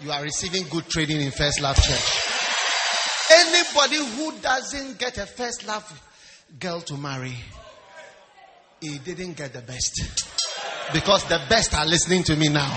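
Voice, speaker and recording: A man preaching a humorous, animated sermon, swinging between quiet asides and shouts while teasing the congregation. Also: a little high, a little slow, pauses often, very noisy. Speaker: pastor. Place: church service. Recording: live church with music and a loud congregation.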